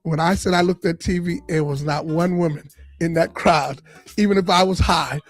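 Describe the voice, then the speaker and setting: Man from Boston, comedian guest, high voice, lively storytelling, punchline delivery. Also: normal speed, faint music behind. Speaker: comedian and radio personality, guest. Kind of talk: storytelling in a casual interview.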